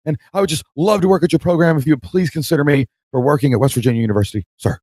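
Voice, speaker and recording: Man doing a nervous young job seeker gushing a pitch in one breath, voice pushed up high, dry sound. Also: rapid-fire, a little mellow, no room sound. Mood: nervous eager. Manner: breathless rush of words.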